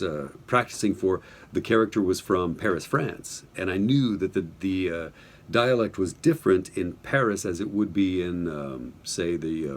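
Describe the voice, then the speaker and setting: A man's voice: low voice, breathy edge. A middle-aged man from New Mexico, an audiobook narrator, answering interview questions casually from his home studio, rambling and joking as he goes. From Albuquerque, New Mexico, US.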